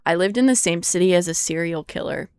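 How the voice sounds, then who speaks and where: A woman's voice: on the low side, a little fast, clean tone, dry recording. A young American woman livestreaming in casual chat, rambling and easily surprised, now and then swearing when startled. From United States. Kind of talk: casual live-stream chat.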